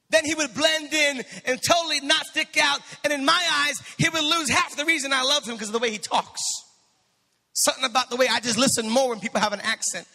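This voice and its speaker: A male pastor preaching a sermon in a church, impassioned, building to shouted peaks and joking with the congregation. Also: very high-pitched, a little fast, gravelly. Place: church sanctuary. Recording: reverberant church hall.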